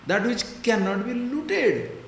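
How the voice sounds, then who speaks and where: High-voiced male teacher in a roomy hall. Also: big pitch swings, slow pace, creaky, slight background noise. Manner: questioning the audience, explaining Sanskrit terms. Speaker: swami, spiritual teacher. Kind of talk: spiritual discourse.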